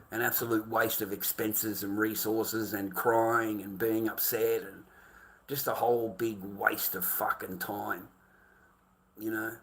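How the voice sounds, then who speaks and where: A man's voice: lowish voice, fairly bright tone. A middle-aged Australian man ranting to his livestream chat, swearing constantly and calling viewers mate and boys.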